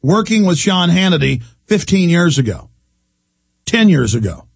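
Man, radio host, ranting monologue, husky, dry close sound. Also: high-pitched, big pitch swings, normal speed, dry recording. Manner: emphatic, repetitive, ranting. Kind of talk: heated talk-radio monologue.

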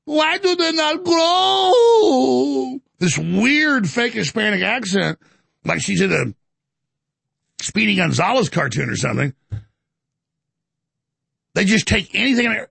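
A man's voice: sits high, creaky, sharp tone, slightly rough, dry recording. A male talk show host ranting sarcastically, with mocking asides and stammered restarts. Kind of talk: ranting talk radio monologue.

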